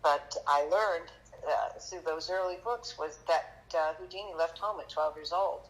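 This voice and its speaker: A woman guest on a podcast, telling her story in a halting, chatty way with many fillers, turning lively when she quotes people. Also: lowish voice, rough recording. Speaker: magician guest. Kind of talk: conversational storytelling interview.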